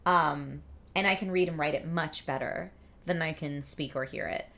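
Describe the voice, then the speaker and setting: Woman livestream host, casual chat, upbeat and rambling, somewhat low voice, bright edge, home desk mic. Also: moderate pace, vocal fry. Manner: chatty, upbeat, rambling with fillers and restarts. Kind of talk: casual chat reading viewer comments.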